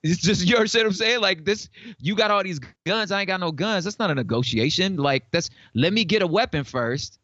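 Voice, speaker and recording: Man, slangy casual talker, lively storyteller, dry dull recording. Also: high-pitched, brisk, no echo. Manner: slangy, animated storyteller acting out voices. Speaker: podcast guest. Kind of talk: casual chat.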